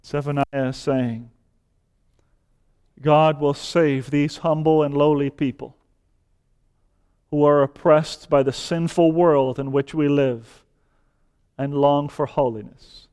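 Male preacher, slow measured delivery that swells into fervor, reverberant sanctuary sound. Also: on the high side, fairly even intonation, a little mellow, clear, resonant tone. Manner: builds to fervent emphasis, slow deliberate phrasing. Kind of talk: sermon. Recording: long hall reverb.

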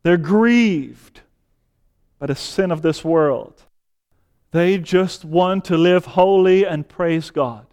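Male preacher, slow measured delivery that swells into fervor, reverberant sanctuary sound. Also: sits high, darkish tone. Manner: builds to fervent emphasis, slow deliberate phrasing. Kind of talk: sermon. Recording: long hall reverb.

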